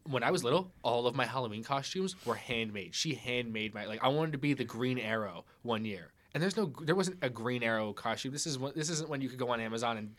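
Rambling young man in his twenties, bright voice. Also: medium pitch, expressive, fairly quick, few pauses. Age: 20s. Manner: rambling storyteller, many "like" fillers. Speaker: podcast guest, editor. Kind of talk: casual chat.

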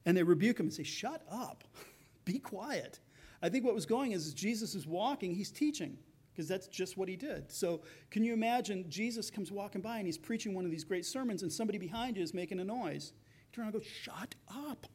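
A man's voice: high-pitched, animated, quick pace, darkish tone, husky. A man preaching a sermon as pastor, in a conversational way, acting out the voices of the people in his story.

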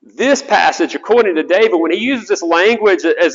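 A man's voice: high voice, animated, moderate pace, hardly any pauses. Male chaplain, earnest sermon, repeats words, dull lo-fi sound. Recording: dull sound with long hall reverb.

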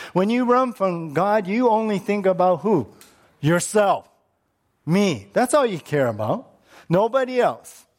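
Lively male pastor preaching conversationally. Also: on the high side. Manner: conversational preaching with rhetorical questions. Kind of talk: sermon.

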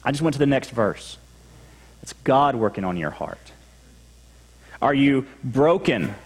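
A man's voice: mid-range voice, expressive, unhurried, slightly rough. A man with a Texan accent, a pastor preaching a sermon in a church sanctuary in a conversational way, acting out his listeners' replies. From Texas. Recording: long hall reverb.

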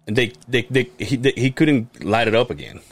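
This man's mid-range voice has lively intonation and a brisk pace, captured in a dry recording. He's a podcast co-host spinning a long, meandering, profane story in casual conversation, restarting again and again.

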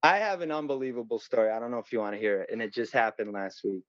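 A middle-aged man, telling a story in an animated, profane way and acting out other voices. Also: mid-range voice, quick pace, no room sound, dull audio. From Long Island, New York. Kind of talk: casual storytelling.

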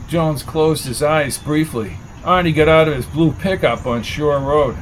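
A man reads a mystery audiobook in an even, measured narration. His voice sits a little high. A faint hum stays under the reading. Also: rough recording. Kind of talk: scripted narration.

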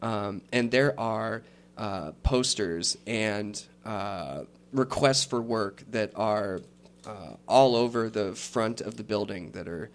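A man narrating a tabletop game as game master, unhurried and rambling, with many fillers. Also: fairly low pitch.

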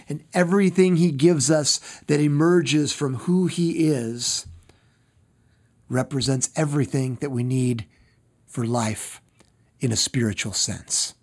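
A man preaching a sermon as pastor, slow and deliberate, repeating phrases for emphasis and trailing off softer at the ends of phrases. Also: medium pitch, husky.

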